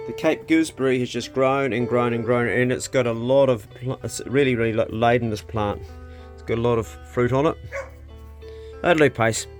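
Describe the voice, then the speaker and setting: A man with a New Zealand accent, chatting upbeat about his homestead garden outdoors as he films a vlog. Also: medium pitch. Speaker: homesteader vlogger. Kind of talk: casual vlog narration.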